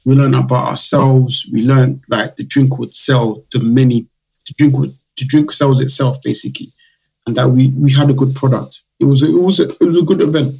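Male guest, gravelly and husky, chatty storyteller who acts out customers' voices. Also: medium pitch, fairly even intonation, brisk, darkish tone, low-quality recording. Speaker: guest, drinks brand founder. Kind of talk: casual podcast interview.

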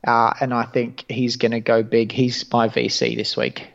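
A man's voice: mid-range voice, completely flat delivery, moderate pace, gravelly. Man, cheeky co-host banter, dull lo-fi audio. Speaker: podcast co-host. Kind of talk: casual sports fantasy chat.

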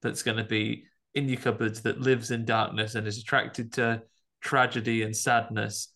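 A man co-hosting a podcast in casual chat, animated and jokey, with high outbursts. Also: normal speed, vocal fry. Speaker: podcast co-host.

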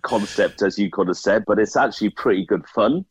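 A man's voice: on the low side, fairly quick, husky, dry recording, rough recording. A man with a Welsh accent, a radio guest chatting casually and explaining things, sometimes repeating words. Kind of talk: casual radio phone chat.

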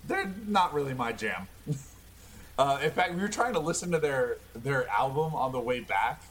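Man, casual rambling storyteller, laughs a lot, lively up-and-down voice. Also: mid-range voice, normal speed, slightly rough. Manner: laughs often, rambling with fillers. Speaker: podcast co-host.

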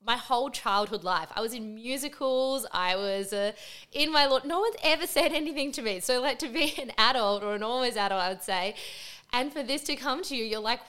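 A woman's voice: sits high, expressive, normal speed, fairly bright tone, clean tone. A woman in her twenties with an Australian accent, telling a personal story to camera in a chatty way, her phrase ends curving upward in a sing-song lilt. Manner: chatty, lots of "like" fillers. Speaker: vlogger.

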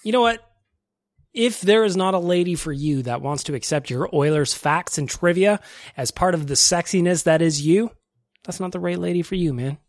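A man's voice: high voice, normal speed, dry recording, studio quality. A young male podcast host chatting casually and enthusiastically, with self-deprecating humor.

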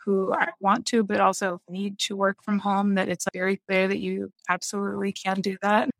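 A woman's voice: mid-range voice, flat delivery, moderate pace, vocal fry, no echo. A woman speaking candidly in a casual conversation, often laughing as she talks. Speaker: guest.

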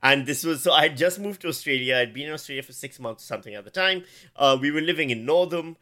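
A man's voice: on the high side, fast, bright, forceful tone. A man from Pakistan, a podcast co-host and comedian, telling a self-mocking story in casual chat.

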